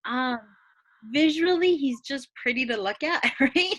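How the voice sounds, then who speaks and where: A woman co-hosting a podcast, chatting casually and lively, often checking in with "right?". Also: high-pitched, measured pace. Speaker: podcast co-host. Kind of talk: casual chat.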